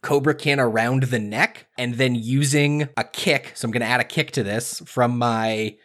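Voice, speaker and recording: A man's voice: mid-range voice, fairly even intonation, moderate pace, fairly bright tone. A man playing in a tabletop role-playing game, eager and rambling as he describes his character's moves. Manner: eager, rambling, laughs easily. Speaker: player.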